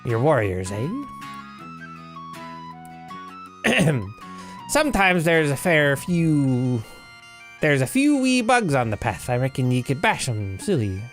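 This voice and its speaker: A folksy, chummy male squirrel bard with a put-on brogue and a lively, swooping delivery, voiced by a man. He wheedles and calls everyone lad, low music underneath. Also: unhurried. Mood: wheedling. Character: gruff Scottish-sounding male squirrel bard.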